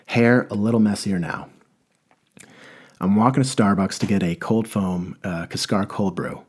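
A young man with a fairly low voice tells a comic story. He rambles in a deadpan way and trips over his words with lots of restarts. The telling is loose and unhurried. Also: husky.

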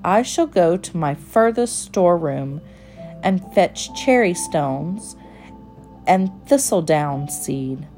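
A woman's voice: on the low side, lively intonation, slow, darkish tone, faint music behind. A woman voicing a fussy, very particular little female mouse, prim and proper in manner. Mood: polite.

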